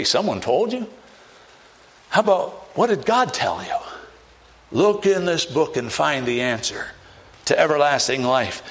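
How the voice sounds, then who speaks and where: Pastor, male, lightly raised pitch; emphatic sermon delivery with sharp swings in pitch and volume. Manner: emphatic preaching with wide swings of pitch and loudness; acts out doubters in a mocking higher voice.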